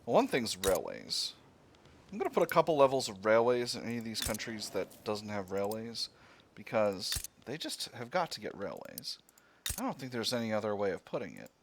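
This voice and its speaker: A man's voice: lowish voice, wildly swooping pitch, normal speed, a little hiss or hum. A man casually commentating his own strategy gameplay, thinking aloud with fillers and playful asides to himself. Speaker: strategy game let's player.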